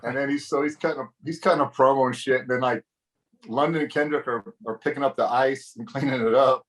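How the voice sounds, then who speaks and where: A man's voice: mid-range voice, fairly even intonation, quick pace. A man, a former pro wrestler, casually telling a locker-room story in a profane, laid-back way.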